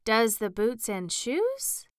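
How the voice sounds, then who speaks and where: A woman's voice: mid-range voice, big pitch swings, a little slow, a bit bright, clean tone, dry recording, studio quality. A woman voicing curious young Alice. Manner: wondering, polite, a little timid. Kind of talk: storybook reading.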